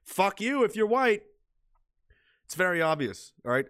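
A man's voice: high-pitched, sing-song, a little slow, fairly bright tone, no echo, studio quality. A man reading viewer messages on a livestream, ranting and swearing, trailing off into mumbled asides. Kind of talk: profane livestream chat reading.

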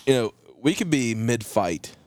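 A man's voice: mid-range voice, animated, a little slow, a little mellow, no echo. A man from West Virginia with a West Virginian accent, co-hosting a podcast and telling stories in a joking, casual way. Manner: joking, storytelling. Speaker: podcast co-host, English teacher. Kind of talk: casual chat.

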